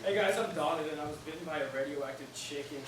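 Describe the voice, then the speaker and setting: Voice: mid-range voice, fast talker, natural voice. A young performer playing a laid-back teenage boy in a chicken club, wry and laughing, in a live improv comedy scene. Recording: echoey hall from far off, loud crowd noise.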